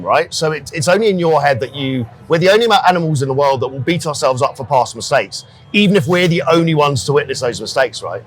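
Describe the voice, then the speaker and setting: A man hosting a casual dating chat, blunt and swearing, often checking in with "right?". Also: fairly high pitch. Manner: blunt, swears freely, asks "right?" a lot. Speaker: dating coach, host.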